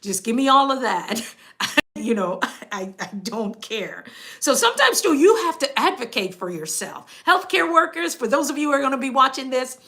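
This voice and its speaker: A woman's voice: high-pitched, sing-song, normal speed, pushed and bright. A middle-aged Jamaican woman, a nurse, telling workplace stories in a chatty way, often laughing and quoting people. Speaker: nurse and channel host. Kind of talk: casual storytelling monologue.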